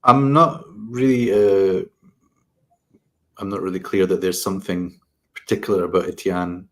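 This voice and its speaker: Male Quran scholar, very deep voice, careful and measured. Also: fairly even intonation, a bit bright. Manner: measured and cautious, weighing wordings. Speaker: Quran teacher. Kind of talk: scholarly study discussion.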